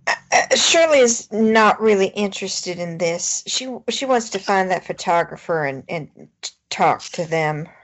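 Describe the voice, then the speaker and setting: A woman's voice: medium pitch, expressive, measured pace. A woman playing a tabletop game on a muffled online call, describing her character's actions. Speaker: player. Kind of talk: casual tabletop play.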